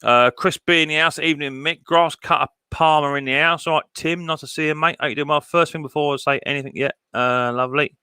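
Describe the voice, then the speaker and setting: A man's voice: fairly high pitch, steady tone, brisk, bright, forceful tone, smooth, dry recording. A man hosting a casual live stream, reading out chat and greeting viewers by name with chummy banter.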